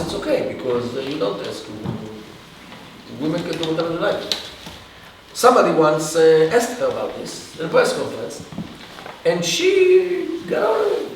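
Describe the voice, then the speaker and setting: A man answering an audience question in a halting lecture style, with many restarts and pauses. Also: a little high. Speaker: guest speaker. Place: event hall. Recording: echoey room from far off, faint hiss.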